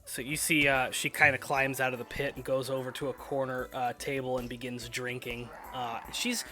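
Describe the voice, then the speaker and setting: A man's voice: medium pitch, little pitch movement, normal speed, pushed and bright, soft background music. A man narrating as game master in a loose, laid-back way, with fillers and chuckles.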